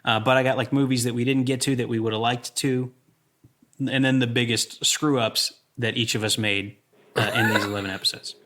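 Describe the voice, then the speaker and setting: A man's voice: mid-range voice, fairly even intonation, a bit bright. A man co-hosting a movie podcast in casual chat, upbeat and steering the segments. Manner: upbeat, runs the segments, quick to laugh. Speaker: podcast co-host.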